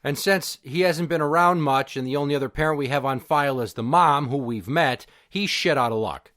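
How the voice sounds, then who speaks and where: A man's voice: a little high, a little fast, a bit bright. Foul-mouthed man ranting on a podcast. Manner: crude, sarcastic and exasperated. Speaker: podcast host. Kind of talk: profane storytelling rant.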